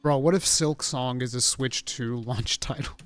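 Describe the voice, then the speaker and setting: A man streaming from home, chatting casually with a rambling, profane, mock-indignant manner that swings from mumbles to loud outbursts. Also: mid-range voice, normal speed, faint music behind. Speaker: streamer reacting to a game showcase. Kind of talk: casual livestream chat.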